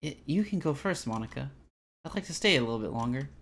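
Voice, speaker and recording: A man reading aloud as a composed teenage girl who leads a school club, in a calm, matter-of-fact way. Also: mid-range voice, fast talker, creaky. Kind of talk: reading game dialogue aloud.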